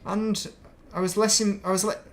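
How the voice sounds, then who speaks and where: A man's voice: sits high, flat delivery, normal speed, a little hiss or hum. A middle-aged man from England, chatting casually and rambling while streaming a space game, self-mocking and chatty. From northern England.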